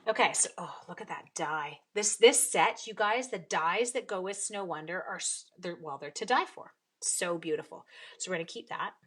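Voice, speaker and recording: A woman's voice: lowish voice, normal speed, fairly bright tone, husky. A woman chatting bubbly and casual through a live card-making demonstration from her home craft room. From Canada. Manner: chatty and bubbly, greets viewers. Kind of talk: live-stream crafting demo.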